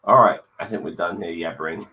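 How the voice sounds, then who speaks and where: Man, show host, very low voice, gravelly, blunt, profane, casual chat. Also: brisk, pushed and bright, rough recording. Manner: blunt, swears freely, upbeat sign-offs. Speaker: podcast host.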